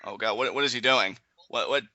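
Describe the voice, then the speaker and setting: A young man chatting excitedly in a live reaction, predicting what happens next and laughing often. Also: medium pitch, brisk, no room sound, highs cut off. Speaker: guest co-commentator.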